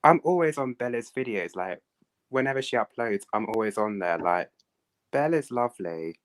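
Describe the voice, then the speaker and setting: A young man calling into a live stream on his phone microphone, eager and excitable, often laughing as he talks. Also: mid-range voice, normal speed. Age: young adult.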